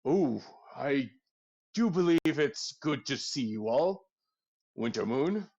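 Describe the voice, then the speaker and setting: A man's voice: mid-range voice, expressive, takes it slowly, a little mellow, highs cut off. A man playing a rambling old dragonborn scholar. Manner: rambling, hesitant, professorial. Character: old scholarly male red dragonborn wizard.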